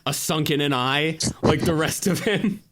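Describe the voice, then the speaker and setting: A man's voice: fairly high pitch, measured pace, a bit bright. A young man co-hosting a gaming stream, trading sarcastic, profane banter and slipping into mocking voices. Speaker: co-host. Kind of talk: casual chat while gaming.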